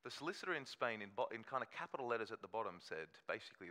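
A man's voice: mid-range voice, big pitch swings, racing, hardly any pauses, pushed and bright. A man, preaching a sermon in a conversational storytelling way and acting out quoted voices. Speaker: pastor.

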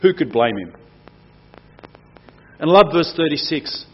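Male preacher, fairly high husky voice, lo-fi recording, performs scripture dramatically. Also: animated, measured pace, pauses often. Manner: acts out quoted lines with strong swings in pitch and loudness. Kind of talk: sermon with dramatic scripture reading. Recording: dull lo-fi sound.

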